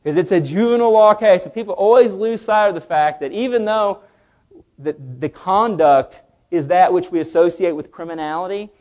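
A man's voice: high-pitched, moderate pace. A man teaching a class on legal cases, often putting questions to the room and answering them himself. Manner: animated, asks the class questions. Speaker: legal instructor. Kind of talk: lecture to a class.

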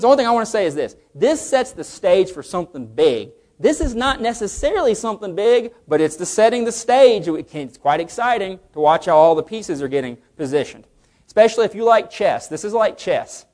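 A man teaching a class on legal cases, often putting questions to the room and answering them himself. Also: high-pitched. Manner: animated, asks the class questions. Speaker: legal instructor. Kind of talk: lecture to a class.

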